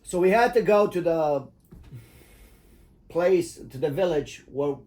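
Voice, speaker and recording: Speaking slowly in an expressive, slightly mellow voice that sits on the high side, a middle-aged man tells his kids rambling stories. He swears freely and laughs at his own anecdotes in this casual storytelling.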